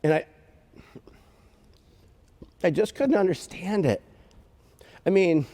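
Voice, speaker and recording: A man's voice: high-pitched, long reverb tail. A man preaching a sermon, telling a story with lots of restarts and acting out the dialogue. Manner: animated, halting restarts, acts out dialogue. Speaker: guest pastor. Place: church sanctuary.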